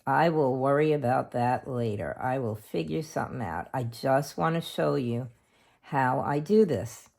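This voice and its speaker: A middle-aged woman walks through a craft project at home in a low, deep-set voice. She talks in a slow, easy way, chatty and homely, narrating each step while her hands stay busy. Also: vocal fry, darkish tone. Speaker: craft video host. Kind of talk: casual craft tutorial.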